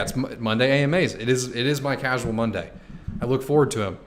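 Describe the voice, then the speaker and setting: A young man in his twenties, streaming casually and answering chat questions, joking and swearing freely, sometimes shouting. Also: mid-range voice, expressive, fairly quick.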